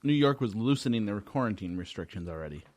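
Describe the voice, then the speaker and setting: A man's voice: on the low side, animated, fast, darkish tone, dry recording. A man hosting a podcast, teasing his co-hosts in a casual chat. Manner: friendly, teasing, leads the talk. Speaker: podcast host.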